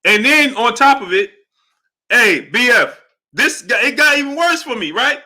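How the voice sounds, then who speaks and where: A man hosting a casual boxing livestream, giving shout-outs and laughing often as he talks. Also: very high voice, animated, measured pace. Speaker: livestream host.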